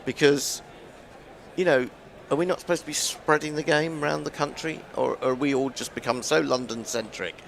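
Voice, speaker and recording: Gravelly chatty male cricket commentator. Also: on the high side, moderate pace, a little hiss or hum. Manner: chatty, musing aloud with restarts. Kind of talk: ball-by-ball radio commentary.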